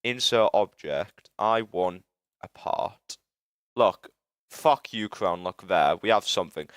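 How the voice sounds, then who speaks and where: Young British guy streamer, low and smooth, dry close mic, rambly and sweary. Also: lively intonation, a bit bright, no room sound. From Britain. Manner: rambling, self-interrupting, swearing, quick to frustration. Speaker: livestreamer. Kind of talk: casual live-stream chat while game building.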